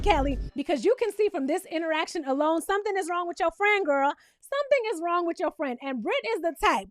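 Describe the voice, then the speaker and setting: A woman with a very high voice runs through a reality TV episode in a sassy, animated way, talking straight to her viewers. She acts out the cast members' lines as she goes, and soft music plays faintly behind her. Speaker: reality TV recap host. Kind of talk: casual spoken episode review.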